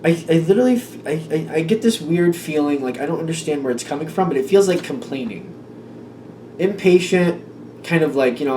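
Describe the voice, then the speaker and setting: A man chats his way through a tarot reading, thinking out loud with plenty of fillers. His voice sits fairly high and swoops up and down. He sounds a little distant from the mic, in a room with noticeable echo. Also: animated, a little fast, slight background noise. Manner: chatty, thinking aloud with many fillers. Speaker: tarot reader.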